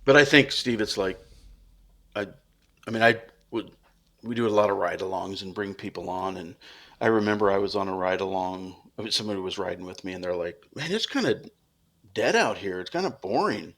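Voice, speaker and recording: Earnest low-voiced man. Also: steady tone, fairly bright tone. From United States. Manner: earnest, reflective, halting with restarts. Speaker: podcast guest, reserve police officer. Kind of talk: casual interview talk.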